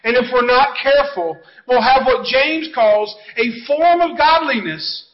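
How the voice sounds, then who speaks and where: A pastor preaching an earnest, conversational sermon. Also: male voice, very high-pitched, lively intonation, a little slow, lo-fi sound.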